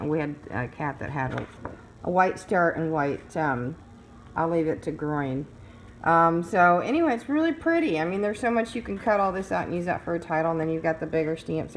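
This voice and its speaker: A woman's voice: low-pitched, gravelly, a little hiss or hum, rough recording. A woman casually showing off items she is selling, chatty and rambling, cooing over the cute designs. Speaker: craft seller. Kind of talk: casual show-and-tell.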